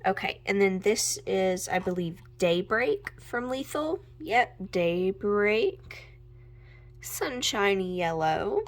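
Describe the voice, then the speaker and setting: A young woman chatting casually at home as she shows her makeup, gushing and sometimes dropping into a soft whisper. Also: medium pitch, expressive, slow pace, slight background noise. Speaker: makeup vlogger. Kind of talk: casual chat while swatching makeup. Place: home room with natural light.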